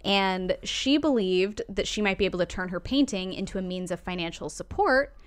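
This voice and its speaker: A woman telling a story to a friend in relaxed podcast chat, her pitch sitting in the middle of the range. She is animated and casual, tosses in light swearing, and acts out little quotes as she goes. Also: moderate pace, smooth.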